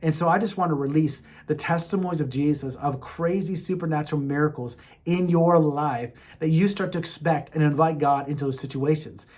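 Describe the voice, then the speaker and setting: A man hosting a faith podcast, telling miracle stories in a lively way and acting out what people said, with many fillers. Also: fairly high pitch, fairly quick, few pauses. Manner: animated storyteller, acts out quotes, many fillers. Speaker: podcast host. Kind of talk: faith testimony storytelling.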